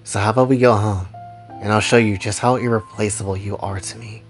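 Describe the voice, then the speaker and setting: A tender young husband, as a man reads him, soft-spoken and earnest, reassuring in a low, quiet voice. Faint music runs underneath. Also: steady tone, brisk, natural voice.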